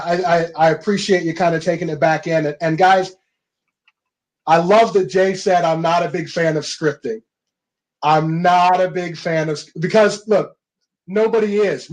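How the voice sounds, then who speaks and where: A man's voice: high-pitched, rough recording. A man speaking on a webinar panel as a business coach, emphatic and motivational, often calling his listeners guys and friends.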